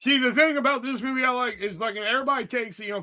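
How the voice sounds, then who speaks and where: A man's voice: sits high, lively intonation, fast talker, bright, forceful tone. A man hosting a livestream, chatting casually about movies in a rambling, sarcastic way full of swearing. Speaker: livestream host.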